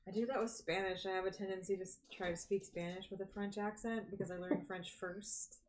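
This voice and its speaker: A woman's voice: mid-range voice, fairly even intonation, brisk. A woman player in a casual tabletop game, telling stories and laughing often. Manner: chatty storyteller, laughs often. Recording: noisy recording.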